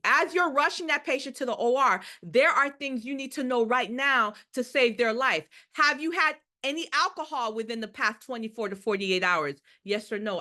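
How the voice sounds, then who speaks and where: A woman's voice: fairly high pitch, pushed and bright. A woman who is a nursing instructor leading a live quiz review, emphatic and repeating her key points with rhetorical questions.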